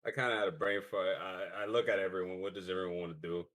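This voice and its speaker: Casting: very deep male player, earnest in character, crude aside. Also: steady tone, quick pace, a bit bright. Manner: earnest in-character speech mixed with crude jokes. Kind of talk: casual tabletop game chat.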